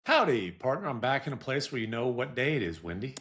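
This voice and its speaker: A man's voice: medium pitch, very animated, a little fast, fairly bright tone. A man co-hosting a podcast, talking in an easygoing, self-deprecating way in casual chat. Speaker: podcast co-host. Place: home studio.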